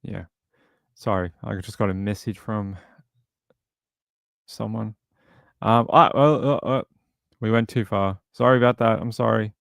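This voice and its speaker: A man's voice: on the low side, steady tone, a little slow, vocal fry, long pauses, dry recording, studio quality. A man casually commenting on a true crime case during a livestream, reading and answering chat, rambling with lots of fillers. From outside the US. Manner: rambling, many fillers and restarts.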